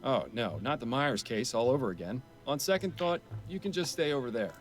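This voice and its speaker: An actor voicing a serious, to-the-point detective in a game, speaking in a dry, measured way. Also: male voice, mid-range voice, expressive, soft background music, close to an everyday voice. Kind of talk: voiced game dialogue.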